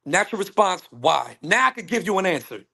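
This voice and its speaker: A man speaking on a panel call, emphatic and animated, acting out what others say to him. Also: high voice, fairly quick, gravelly. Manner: animated, emphatic, acts out quoted women. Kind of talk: casual panel discussion. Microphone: phone on a call.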